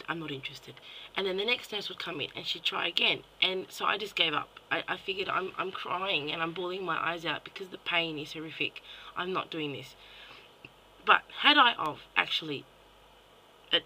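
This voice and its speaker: A woman's voice: on the low side, pushed and bright, a little hiss or hum, rough recording. A young Australian woman and mum ranting bluntly and profanely into her webcam at home late at night. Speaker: vlogger. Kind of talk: ranting vlog monologue.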